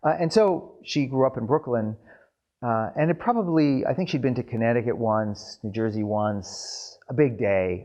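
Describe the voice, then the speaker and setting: A man telling a family story to a live audience in an animated storytelling style with wry asides. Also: medium pitch, moderate pace, muffled recording.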